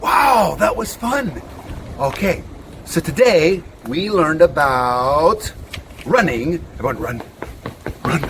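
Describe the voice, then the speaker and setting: A man presenting a children's nature walk, speaking slowly and in an exaggerated, coaxing way that invites kids to join in, recorded outdoors. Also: a little high, animated. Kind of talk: children's educational walk-along. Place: outdoors by a river. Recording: outdoor noise with passing traffic.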